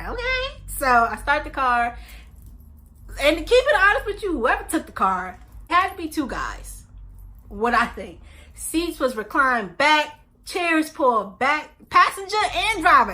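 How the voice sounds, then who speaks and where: Young woman vlogger, high and bright, swoops all over her range; casual storyteller. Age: 20s. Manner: animated, slangy, acts out both sides of conversations.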